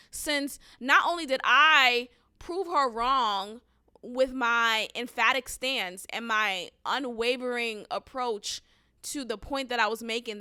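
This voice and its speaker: A woman hosting a podcast, telling a story in a casual, animated and profane rant. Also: a little high, no echo, clean studio sound. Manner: animated, profane, emphatic ranting. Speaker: podcast host.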